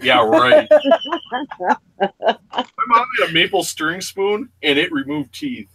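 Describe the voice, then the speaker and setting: Male host in his forties, casual storyteller who acts out voices and sounds; bright, forceful tone. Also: high-pitched, big pitch swings, takes it slowly, slight background noise. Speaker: show host. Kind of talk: casual chat.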